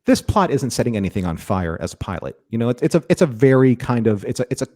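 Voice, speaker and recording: A man's voice: mid-range voice, big pitch swings, fast, a little mellow, no room sound. A man co-hosting a casual review discussion, rambling and restarting his sentences often. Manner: rambling, repeats words, frequent restarts. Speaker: podcast co-host.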